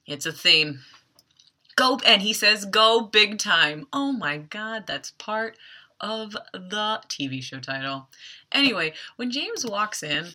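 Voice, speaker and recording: Chatty woman with a bright voice. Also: fairly low pitch. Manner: chatty and wry, with quick asides. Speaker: podcast host. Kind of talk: casual episode recap.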